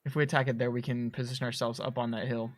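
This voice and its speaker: A young man co-hosting a livestream in casual chat, reacting quickly and excitably. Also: medium pitch. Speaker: livestream co-host.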